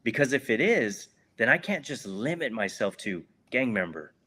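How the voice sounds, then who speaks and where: Bright-voiced earnest man. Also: medium pitch, sing-song, normal speed, slightly rough. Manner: earnest, heartfelt, repeats words for emphasis. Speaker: guest, former prisoner. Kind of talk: reflective interview answer.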